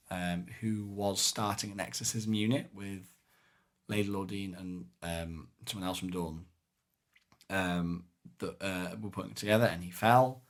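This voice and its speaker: A very low-pitched man chatting casually on a podcast. He retells events in a rambling, animated way, tripping over fillers and restarting sentences as he goes. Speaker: podcast co-host. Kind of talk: casual chat recapping a live-action game event.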